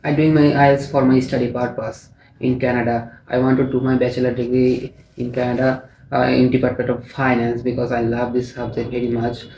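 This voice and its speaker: Young Bangladeshi man, flat halting answers. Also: medium pitch. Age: young adult. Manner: halting, repeats and restarts phrases. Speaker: test candidate. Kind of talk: mock speaking exam answers. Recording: echoey room with faint noise.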